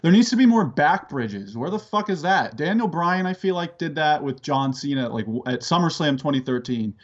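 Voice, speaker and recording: A man co-hosting a casual wrestling chat, laughing easily, excitable and swearing. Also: fairly high pitch, moderate pace. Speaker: podcast co-host. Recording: dull lo-fi mic.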